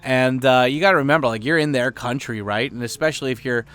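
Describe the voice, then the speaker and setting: A man's voice: medium pitch, quick pace, fairly bright tone, smooth. A man hosting a podcast, talking in a casual, rambling way with lots of fillers and swearing. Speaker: podcast host. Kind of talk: casual profane monologue.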